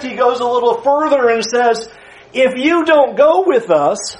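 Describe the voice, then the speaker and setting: High-voiced earnest male preacher. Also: poor audio. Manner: earnest, paraphrasing scripture in a conversational voice. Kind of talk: sermon.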